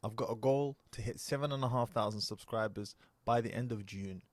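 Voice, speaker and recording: A man hosts a commentary video and lectures his viewers in an even, deliberate voice. His pitch sits mid-range. The recording is close and dry, with no room sound. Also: dry recording. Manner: measured, lecturing. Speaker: commentary channel host.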